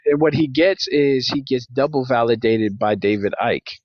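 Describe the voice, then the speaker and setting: A man's voice: medium pitch, normal speed, dry recording, highs cut off. A man hosting a casual debate chat, laughing often and lecturing with profanity. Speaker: host.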